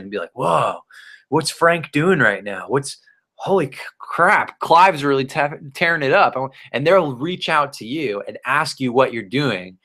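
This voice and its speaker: A man giving a casual, energetic training talk on network marketing, often restarting phrases and acting out the replies of prospects. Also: medium pitch. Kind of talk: recorded training presentation.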